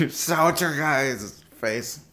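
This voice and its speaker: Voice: medium pitch, a bit bright. A reaction video host giving profane, mocking commentary in a put-on voice, laughing often. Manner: doing a put-on voice. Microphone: headphones with a desk mic.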